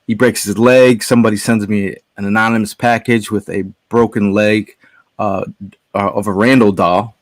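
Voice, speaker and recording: A man guest on a casual podcast, telling stories in a halting, rambling way with many restarts. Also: lowish voice, fairly even intonation, dry recording. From Connecticut.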